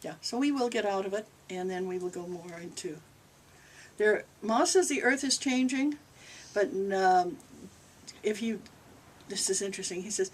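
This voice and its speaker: An older woman talks to a small group in a chatty, meandering way, passing on answers from a spirit. She sounds some distance from the microphone, and a faint hiss runs under her voice. Her pitch sits in the middle range. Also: normal speed. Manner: rambling, conversational, relays a spirit's answers. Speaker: channeling reverend. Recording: distant mic with faint noise.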